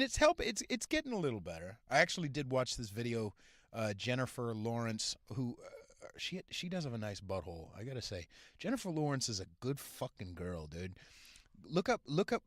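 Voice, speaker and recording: Profane ranting man, lively pitch. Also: dry recording, clean studio sound. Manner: crude, swings from mumbling to shouting. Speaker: podcast host.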